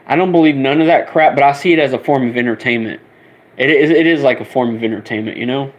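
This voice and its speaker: A man's voice: mid-range voice, fast, muffled recording. A man on a live stream with a casual, profane rant. He talks in an exasperated way, repeating himself and starting his sentences over. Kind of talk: casual ranting monologue.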